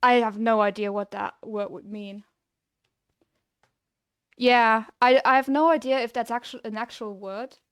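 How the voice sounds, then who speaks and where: A woman's voice: on the high side, steady tone, unhurried, pauses often, clear, resonant tone, dry recording, clean studio sound. A young adult woman with a German-sounding non-native English accent, chatting casually with her stream viewers in a rambling way that is full of restarts. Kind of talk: casual live-stream chat.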